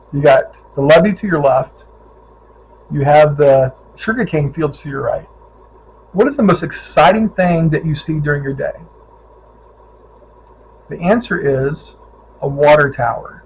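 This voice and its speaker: A man's voice: a little high, slight background noise, poor audio. A middle-aged man from Ohio, a touring cyclist, telling stories from his ride in a casual vlog and acting out the people he met. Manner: animated storyteller, acts out quoted voices.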